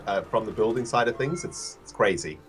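A man's voice: on the low side, a little fast, soft background music. A man co-hosting a casual gaming livestream, laid-back and enthusiastic, laughing often. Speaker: livestream co-host.

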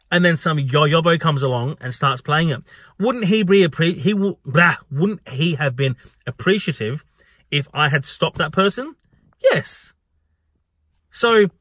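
A man's voice: on the high side, a little slow, no echo. A man in casual storytelling, animatedly acting out a run-in at his work, with frequent swearing. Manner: animated, acts out exchanges with swearing. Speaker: venue staff worker telling a story.

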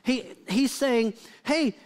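Brief: male pastor with a very high voice, preaching in a chatty, joking way. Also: slow pace. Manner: conversational and humorous, with frequent filler "like". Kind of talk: live sermon.

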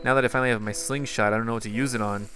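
A man's voice: mid-range voice, fairly even intonation, racing, a bit bright, soft background music. A man giving casual, rambling gameplay commentary and talking straight to his viewers. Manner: rambling, chatty, talks to viewers. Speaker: gaming YouTuber.

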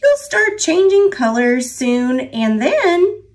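A woman's voice: high voice, sing-song, slow pace, pitched above the performer's own voice, heavily acted. A woman voicing a chirpy, know-it-all squirrel who lectures the leaves in a storybook reading. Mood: explaining.

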